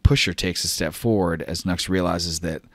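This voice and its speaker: A man narrating a tabletop game as game master in a measured, descriptive way. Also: deep voice, steady tone, dry recording, clean studio sound.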